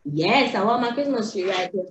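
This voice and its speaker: A woman teaching young children in a sing-song, excitable way, recorded indoors. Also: mid-range voice, moderate pace, a little hiss or hum. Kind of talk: animated lesson for young children. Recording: roomy, slightly dull home video.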